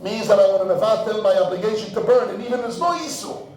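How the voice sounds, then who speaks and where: A man's voice: high-pitched, animated, fast, darkish tone. A man who is a rabbi, giving an in-depth Talmud lecture, weaving Hebrew and Yiddish terms into English and repeating words as he thinks aloud. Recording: very echoey room.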